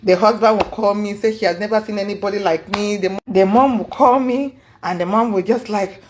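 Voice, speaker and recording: A woman's voice: medium pitch, brisk, few pauses, a little hiss or hum. A woman telling a long personal story in a casual monologue. She is earnest and aggrieved, and often repeats and restarts words as she goes. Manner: rambling, repeats and restarts words while recounting events. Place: lives in the United States.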